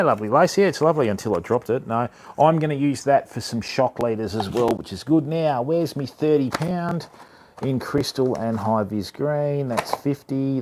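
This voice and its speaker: Aussie guy live streaming, chatty, average pitch, bit of faint noise. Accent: Australian. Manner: chatty, greets viewers while demonstrating. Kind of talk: casual live-stream chat.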